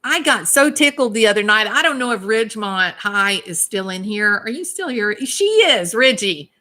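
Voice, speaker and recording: A woman with a Southern accent hosts a casual livestream and talks straight to her commenters. She is emphatic and indignant. Her voice is bright and forceful, and her pitch sits in the middle. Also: animated, moderate pace. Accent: Southern American. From American South. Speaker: YouTube channel host reading live chat.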